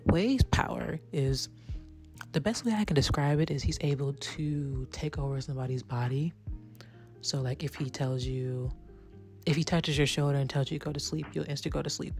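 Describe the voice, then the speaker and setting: A woman's voice: very deep voice, moderate pace, darkish tone. A woman chatting casually as she recaps a TV series, peppering her talk with "right?" and the odd swear word, over faint background music. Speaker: show reviewer.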